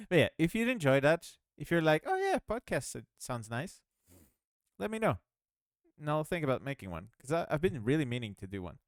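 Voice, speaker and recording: A man talks through his game development in a loose, rambling way, often laughing at himself. His voice is smooth and clear, with a pitch that swings around a lot. The recording is close and dry. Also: lively intonation, a little fast, no room sound. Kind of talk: casual rambling devlog commentary.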